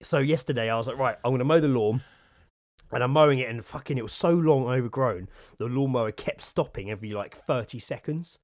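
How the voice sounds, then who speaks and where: Male co-host, mid pitch, sweary and animated storyteller, dry close mic. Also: fast, few pauses, dry recording. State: sore from gardening. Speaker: podcast co-host. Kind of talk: casual chat.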